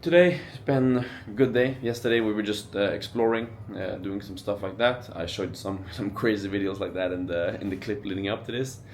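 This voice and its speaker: A man's voice: fairly low pitch, a little fast, few pauses, a little mellow, slight background noise. A man in his twenties vlogging casually, rambling with fillers and restarts. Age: 20s. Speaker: entrepreneur vlogger. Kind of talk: casual vlog narration.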